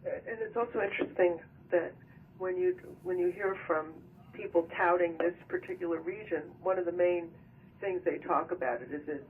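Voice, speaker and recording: A man's voice: sits high, moderate pace, slight background noise. Man on a tinny phone line, probing. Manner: probing, thinks aloud before asking. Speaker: reporter asking questions. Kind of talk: press conference questions by phone.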